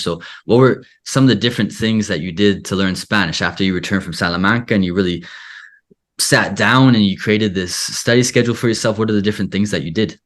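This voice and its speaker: A man hosting a casual interview, asking questions in a relaxed, easygoing way. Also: sits low. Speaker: interview host.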